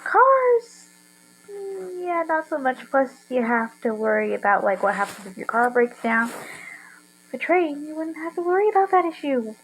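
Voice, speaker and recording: A woman's voice: high voice, big pitch swings, normal speed, a bit bright, rough recording. A young woman with an earnest, rambling way of talking, hosting a casual solo monologue. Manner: rambling, earnest, enthusiastic ranting. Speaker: podcast host.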